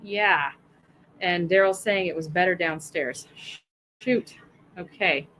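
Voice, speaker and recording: A woman's voice: fairly low pitch, slow pace, fairly bright tone, slight background noise, poor audio. A woman in her fifties with a Canadian accent, hosting a casual livestream in an upbeat, chatty, apologetic way. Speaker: wine club host.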